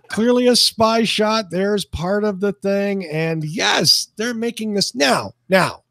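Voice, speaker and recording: A man co-hosting a podcast in casual chat, joking and animated, full of fillers and restarts. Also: sits high, takes it slowly, creaky, no echo, studio quality. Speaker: podcast co-host.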